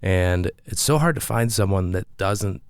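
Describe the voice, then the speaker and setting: A man's voice: sits low, expressive, a little slow, clean tone, no echo, studio quality. A man, a comedian, telling a rambling, self-deprecating story in a casual monologue with frequent restarts.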